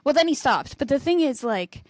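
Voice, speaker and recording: A young adult woman co-hosting a podcast, telling stories in a lively way and laughing as she goes. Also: sits high, moderate pace. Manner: animated storyteller, laughs mid-sentence. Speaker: podcast co-host. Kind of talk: casual chat.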